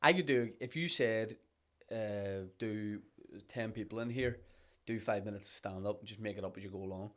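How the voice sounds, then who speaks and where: A man's voice: lowish voice, moderate pace, a bit bright. A man, a comedian and podcast guest, chatting casually and often repeating words as he starts a thought. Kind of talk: casual chat.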